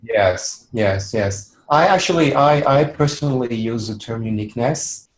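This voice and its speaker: A man's voice: mid-range voice, unhurried, low-quality recording. A man co-hosting a spiritual webinar, talking reflectively with many fillers and repeated phrases. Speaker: webinar co-host. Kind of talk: casual spiritual discussion.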